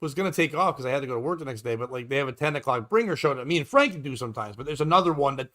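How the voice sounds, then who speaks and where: Male comic podcast host, rambling storyteller, bright and pushy tone. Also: medium pitch, very fast. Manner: rambling, animated storyteller acting out quotes. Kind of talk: casual storytelling chat.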